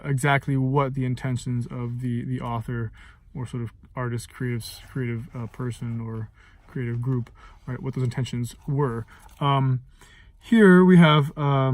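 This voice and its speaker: In a dry recording, a male composer and music teacher with a medium-pitched, slightly mellow voice gives a casual lesson on putting text to music. He works through ideas aloud, full of fillers, singing snippets along the way.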